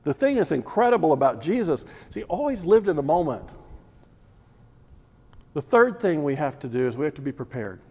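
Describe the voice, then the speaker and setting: A man's voice: fairly high pitch, very animated, brisk, warm tone, breathy edge. A man teaching a Bible class as a sermon, preaching emphatically with repeated phrases and rhetorical questions. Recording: long reverb of a large hall.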